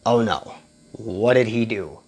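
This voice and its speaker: A man hosting a live-streamed talk on recovery, telling a personal story in an earnest, animated way, with frequent restarts. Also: lowish voice, takes it slowly, slightly rough. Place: home, recording a live video.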